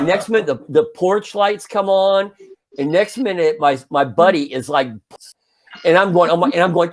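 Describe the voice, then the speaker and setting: A man's voice: sits high, moderate pace, a little hiss or hum. A man in his forties, a podcast co-host, casually telling a story and acting out the parts as he goes. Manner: animated storyteller, acts out his own yelling.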